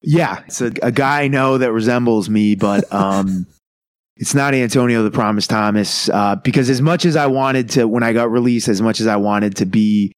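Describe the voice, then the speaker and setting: A man's voice: fairly low pitch, normal speed, hardly any pauses, dry recording, clean studio sound. A man in his thirties, a pro wrestler, telling a rambling, profane story in a casual interview and acting out the quotes.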